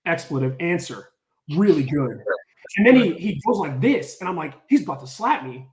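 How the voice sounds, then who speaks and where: A man casually telling a story, animated and full of filler words, acting out what people said. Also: fairly high pitch, moderate pace, roomy sound. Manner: animated, lots of "like", acts out quotes. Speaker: storyteller on a podcast.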